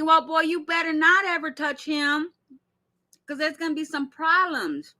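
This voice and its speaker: A woman hosts a reaction stream, speaking straight to her viewers. Her voice is bright and pitched a little high, and her delivery is blunt and animated, with swearing mixed into the casual chat. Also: unhurried. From Arizona. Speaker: commentary host.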